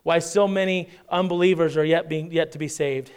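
A man preaching a sermon as pastor, chatty and direct, often checking in with his listeners and swinging from loud emphasis down to a hushed near-whisper. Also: a little high, steady tone, moderate pace, smooth. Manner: conversational, asks the congregation "right?".

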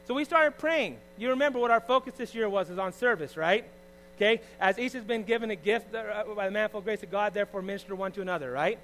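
A middle-aged pastor preaching, swinging from loud emphasis to quiet, confiding asides. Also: male voice, high-pitched, fast, a little hiss or hum. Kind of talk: sermon.

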